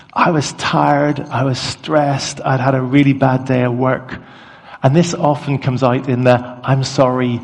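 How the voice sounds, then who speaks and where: Middle-aged male preacher, conversational and self-deprecating, gravelly tone, long hall echo. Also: mid-range voice, a little mellow. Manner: conversational, self-deprecating, with short pauses and fillers. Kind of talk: sermon.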